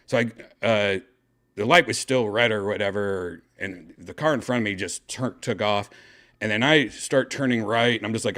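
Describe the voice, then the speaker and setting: A man hosting a podcast, casually telling a story with excitement and swearing, acting out his own shouts. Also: fairly low pitch, normal speed. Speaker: podcast host.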